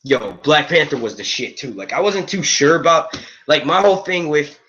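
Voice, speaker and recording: Fairly high-pitched and bright, his forceful voice moves at a moderate pace as he hosts a live review stream of movies and TV. He rambles to chat, curses casually, and says "yo" a lot, the sound dull and lo-fi.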